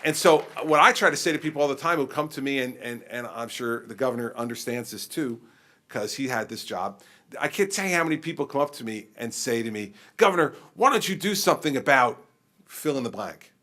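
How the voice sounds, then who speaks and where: A middle-aged man who is a governor, answering a question at a public forum in an animated, conversational way. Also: mid-range voice, brisk. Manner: animated, conversational, acts out exchanges with people.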